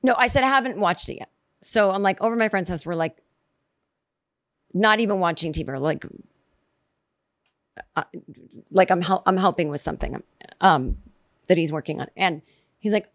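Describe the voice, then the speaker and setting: A woman hosting a podcast, telling a comedic story in a rambling, animated way and voicing her own asides. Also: lowish voice, moderate pace, long pauses, no echo, clean studio sound. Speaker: podcast host. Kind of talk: comedic monologue.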